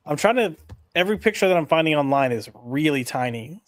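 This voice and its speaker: A man on a podcast panel in casual chat, talking in a relaxed, wry and somewhat hesitant way. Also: on the high side, fairly quick, no room sound, clean studio sound.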